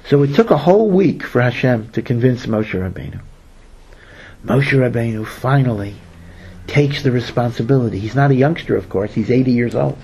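A man's voice: mid-range voice, lively intonation, normal speed, mellow, breathy edge, poor audio. A man, a rabbi, giving a Torah sermon in a storytelling way, repeating words for emphasis and acting out the people he quotes. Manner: acts out quoted speakers.

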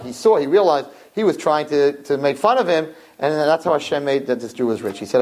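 A man telling religious stories in an animated sermon, often repeating his phrases. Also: fairly high pitch, brisk, few pauses. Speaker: religious storyteller. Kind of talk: sermon storytelling.

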